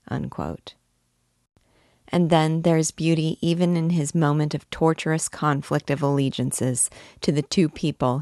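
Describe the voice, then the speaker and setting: A middle-aged woman reads passages from a novel and comments on them in a measured, reverent way. Her voice is low, with a gravelly edge. She speaks slowly, and the sound is dry and close. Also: a little mellow, no room sound. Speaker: book discussion guide. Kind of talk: reading and literary commentary.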